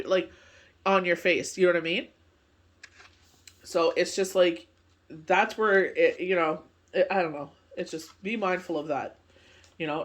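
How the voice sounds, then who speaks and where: A woman doing a casual, rambling tarot card reading, full of filler phrases and asides. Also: lowish voice. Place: speaking from Canada.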